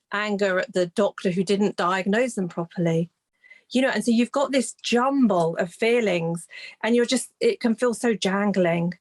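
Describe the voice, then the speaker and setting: A woman speaks softly and reflectively as a grief recovery specialist in an interview. She often pauses, restarts and searches for words, keeping an even, gentle pace. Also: medium pitch. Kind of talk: interview, explaining.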